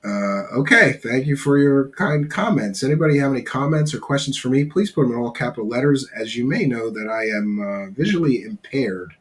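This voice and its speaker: A man's voice: medium pitch, lively intonation, a little fast, hardly any pauses. A middle-aged man hosting a live show, reading chat comments and talking bluntly with casual swearing and rambling asides.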